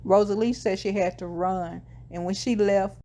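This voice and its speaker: A woman with a voice of ordinary middle pitch recaps a TV episode in a loose, chatty way. She walks through scene after scene, passing on the characters' lines in her own plain voice. Now and then she drops a filler or corrects herself as she goes. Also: fairly even intonation, moderate pace, warm tone. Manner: retells scenes step by step, quoting dialogue in plain voice; occasional fillers and self-corrections. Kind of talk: casual plot recap.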